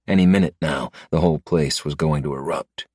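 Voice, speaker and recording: Very deep male storyteller, dry sound. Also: a little fast, husky, dry recording. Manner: low, steady first-person storytelling. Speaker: narrator. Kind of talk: scripted narration.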